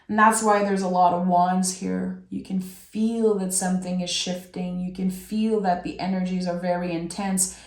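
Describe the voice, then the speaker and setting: A woman giving an intuitive tarot reading, talking softly and emotionally, drawing her phrases out. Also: fairly low pitch, fairly even intonation, reverberant. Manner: slow, soft and emotional, with drawn-out phrases. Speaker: tarot reader.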